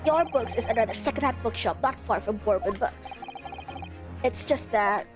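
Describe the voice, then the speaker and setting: A woman's voice: fairly high pitch, lively intonation, moderate pace, close to an everyday voice. A woman voicing a hesitant male police inspector who stammers nervously, over game music. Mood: flustered.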